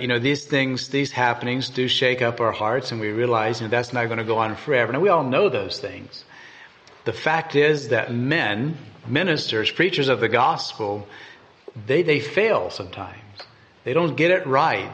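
A man's voice: mid-range voice, moderate pace, fairly bright tone, highs cut off. A man giving a devotional meditation and reading scripture aloud in an earnest way, often repeating and restarting words. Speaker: preacher.

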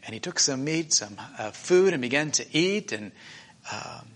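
A man's voice: medium pitch, expressive, normal speed, fairly bright tone, slight background noise. A man preaching in a church meeting, retelling a scripture story in an emotional, conversational way with many restarts.

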